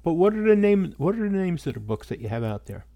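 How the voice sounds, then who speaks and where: A man's voice: sits high, sing-song, fast, mellow. A man hosting a podcast interview, encouraging and enthusiastic with his guest. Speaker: podcast host. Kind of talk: conversational interview.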